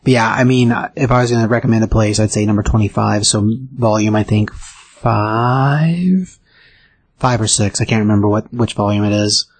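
A man with a lowish, husky voice chats casually about comics, hedging and admitting he can't quite remember details. The sound is dry and close. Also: normal speed, no echo. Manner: chatty, unsure, hedging asides. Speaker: comic book show co-host. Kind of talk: casual comic review chat.

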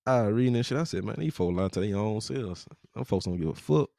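A man's voice: on the low side, expressive, fairly quick, gravelly, dark tone, dry recording. A man hosting a podcast, reading passages from a book aloud and adding casual, profane comments between them, speaking. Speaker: podcast host.

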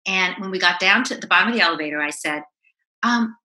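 A woman's voice: on the low side, quick pace, sharp tone, poor audio. A woman in her forties from Long Island, New York, a lifestyle blogger guesting on a podcast, telling her story animatedly and acting out quoted lines.

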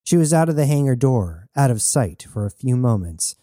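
A male audiobook narrator reads a novel aloud in scripted narration, keeping a steady storytelling manner. His mid-range voice moves at normal speed, recorded dry with clean studio sound.

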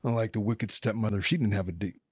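A man's voice: lowish voice, steady tone, fast talker, a little mellow, husky, dry recording, studio quality. A middle-aged man co-hosting a podcast, chatting casually and joking, with many restarts. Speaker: podcast co-host. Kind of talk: casual chat.

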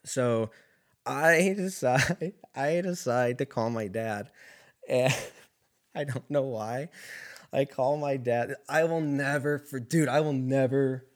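A young man with a middle-pitched voice tells a wild personal story in a loose, rambling way. He swears freely and keeps breaking into laughter partway through his sentences. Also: unhurried. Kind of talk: casual personal anecdote.

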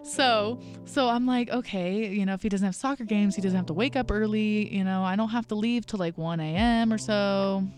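A young woman in her twenties telling a long story in casual chat, animated, full of "like", acting out what people said. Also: mid-range voice, moderate pace, hardly any pauses, soft background music. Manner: animated, lots of "like", acts out quotes. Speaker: guest. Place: a bar or restaurant.

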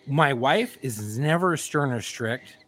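A man's voice: mid-range voice, lively intonation, takes it slowly, a bit bright. A man co-hosting a podcast, blunt and crude, giving opinions in casual banter. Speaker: podcast co-host.

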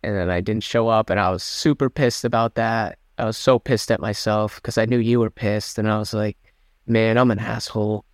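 A man's voice: on the low side, fairly even intonation, brisk, few pauses, dry recording, studio quality. A young man co-hosting a podcast, telling a rambling, self-deprecating story in casual chat. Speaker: podcast co-host.

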